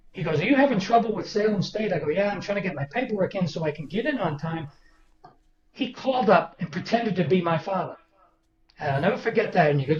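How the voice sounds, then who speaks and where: Recorded in a roomy space with a crowd audible behind him, the sound is distant and dull. The speaker, an older Boston man with a slightly high voice, is an author guest in a storytelling interview, animatedly spinning anecdotes and acting out whoever he quotes.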